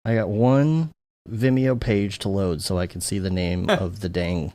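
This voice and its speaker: A man's voice: low-pitched, steady tone, a little slow, mellow, a little hiss or hum. A man hosting a podcast, chatting casually and rambling with fillers and restarts. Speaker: podcast host. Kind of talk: casual chat.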